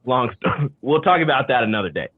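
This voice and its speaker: A man's voice: mid-range voice, sing-song, brisk. A man hosting a casual talk show, bantering playfully over a video call. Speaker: host. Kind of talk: casual chat. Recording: dry, tinny call audio.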